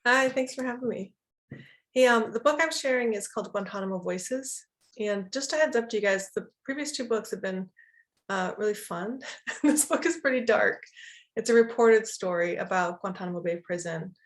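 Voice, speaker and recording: A woman's voice: medium pitch, moderate pace. A woman author casually introducing her book before a reading, with many filler words.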